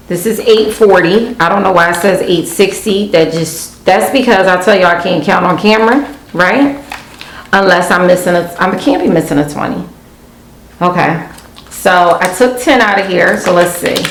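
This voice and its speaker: A woman vlogger chatting casually to her viewers while she counts cash, exasperated and calling them y'all. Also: lowish voice. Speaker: budgeting vlogger. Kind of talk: casual chat to camera. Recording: echoey room with faint noise.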